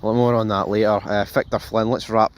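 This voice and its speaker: A man's voice: on the low side, a little fast. Rambling man reviewing a show. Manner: rambling, animated, swears freely, addresses viewers as folks. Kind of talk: casual spoken review.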